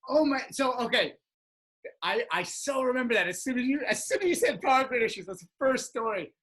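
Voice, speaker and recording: Excitable, bright-toned host, casual chat. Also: medium pitch, fairly quick, low-quality recording. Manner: excitable, laughs often, acts out quoted people. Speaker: podcast host.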